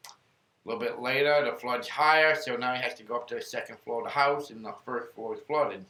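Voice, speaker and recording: Earnest podcast host, male, bright and forceful, roomy echo. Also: medium pitch, a little fast. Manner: earnest, rambling storyteller. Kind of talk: casual faith podcast talk, storytelling.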